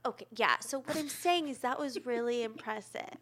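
A woman's voice: on the high side, normal speed, fairly bright tone. Brief: woman podcast host, earnest, hesitant, lots of "um," casual. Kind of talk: casual comedic chat.

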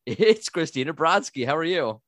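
Joking podcast host, dry close sound. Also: male voice, fairly high pitch, big pitch swings, moderate pace, no echo. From Brooklyn, USA. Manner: joking, self-mocking, rambling with restarts. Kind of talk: casual podcast chat.

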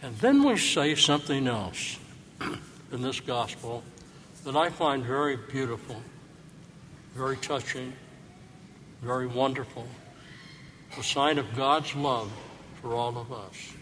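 A man preaching a sermon as a priest, reflective and gentle, asking his listeners rhetorical questions. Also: medium pitch, expressive, slow pace, pauses often, a little hiss or hum. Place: church. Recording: church hall reverb, faint ambience.

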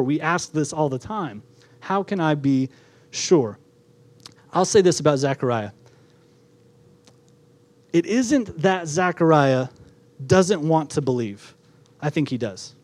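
Man, pastor, sermon, repetitive preaching, soft-to-emphatic, higher voice, dry. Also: lively intonation, slow pace, pauses often, dry recording.

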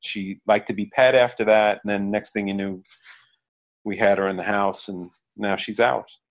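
A middle-aged man, a musician and producer, talking as a guest in a casual interview, halting with many fillers. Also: fairly low pitch, fairly even intonation.

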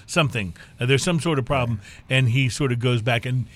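A man hosts a relaxed podcast chat, easily sidetracked into tangents. He talks in loose, friendly sentences and thanks his guest warmly. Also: medium pitch, a little fast. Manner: chatty, goes off on tangents. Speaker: host. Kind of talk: casual interview.

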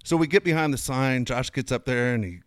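Profane, animated male storyteller. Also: mid-range voice, brisk, no room sound, clean studio sound. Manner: profane, animated anecdote-telling. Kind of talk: casual storytelling chat.

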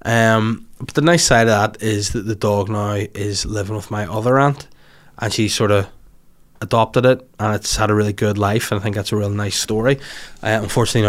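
A man's voice: lowish voice, a little fast. Crude, rambling Northern Irish man. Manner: rambling, crude storytelling with acted-out quotes. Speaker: podcast host. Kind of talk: casual podcast chat.

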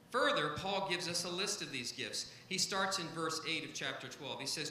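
A man's voice: a little high, sharp tone, echoey room, a little hiss or hum, poor audio. A man, a pastor, preaching a sermon to a congregation, stressing key points by repeating them. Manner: emphatic, repeats key phrases.

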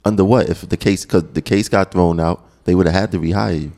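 A man's voice: sits low, fairly even intonation, a little fast, dark tone. A man hosting a casual interview, asking loose, curious follow-up questions.

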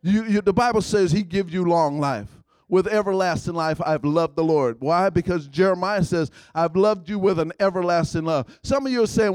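A man preaching a sermon in call-and-response style, repeating phrases and swinging between loud outbursts and hushed lines. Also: high voice, normal speed, smooth, no room sound. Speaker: guest preacher.

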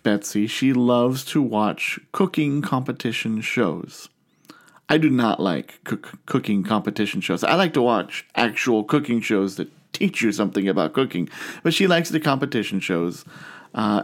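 A middle-aged man delivering a sermon in an earnest, conversational way. His voice sits at an ordinary middle pitch. He often breaks off for asides and checks in with his listeners. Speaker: pastor.

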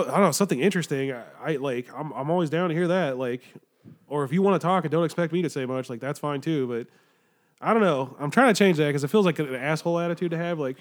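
Young male podcast co-host, slightly high-pitched, loose rambling chat with fillers and swearing.

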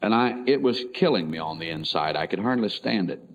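A middle-aged man, a pastor, telling an emotional personal story in a sermon, swinging between loud and soft. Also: low-pitched, animated, a little fast. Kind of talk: sermon testimony. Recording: tinny phone-like lo-fi recording.

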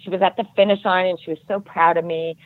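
Earnest woman telling her story, low voice. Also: quick pace, no room sound, narrow, tinny audio. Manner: earnest, animated storytelling with acted-out quotes. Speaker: podcast guest, triathlon coach. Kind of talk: storytelling in a podcast interview.

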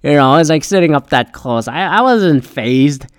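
A man's voice: fairly high pitch, expressive, moderate pace, clean tone, dry recording, clean studio sound. A young man telling a story in a rambling, casual way, swearing often and filling gaps with "uh" and "like.". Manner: rambling, heavy swearing, frequent fillers.

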